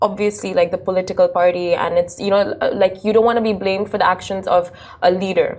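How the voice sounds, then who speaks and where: A woman's voice: medium pitch, steady tone, racing, darkish tone. A woman interviewing a guest, hesitant and full of fillers as she frames her questions.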